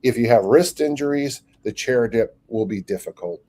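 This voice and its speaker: Speaking at a normal pace in a mellow, medium-pitched voice, an older strength coach chats casually on a podcast. He's a rambling storyteller who likes to act out small quotes as he goes.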